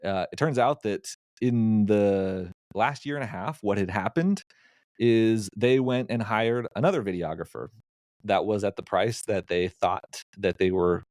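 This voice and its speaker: Male podcast guest, low and dry, chatty storyteller who restarts a lot. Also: unhurried, no room sound. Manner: animated anecdote-telling with frequent restarts. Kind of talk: casual storytelling.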